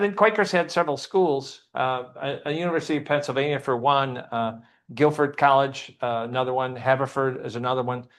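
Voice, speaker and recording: A man teaching a church Sunday class, often asking the class questions and repeating himself. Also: fairly high pitch.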